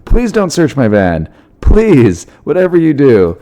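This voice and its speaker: A man's voice: medium pitch, wildly swooping pitch, measured pace, dark tone, voice pushed up. A man playing a nervous male drug smuggler who pleads frantically with the police. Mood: nervous pleading. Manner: frantic, over-eager pleading.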